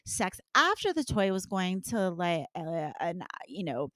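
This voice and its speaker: A middle-aged woman speaking as a guest on a podcast, telling frank stories in an animated way that swings from soft asides to loud bursts. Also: on the low side, a little slow, no room sound. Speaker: guest, intimacy business owner. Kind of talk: candid podcast interview.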